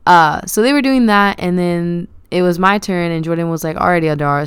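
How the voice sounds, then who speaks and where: Young woman podcast host, low and very clear voice, dry close sound, chatty rambling storyteller. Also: brisk, few pauses, no echo. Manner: chatty, rambling, animated, many fillers. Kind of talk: casual storytelling monologue.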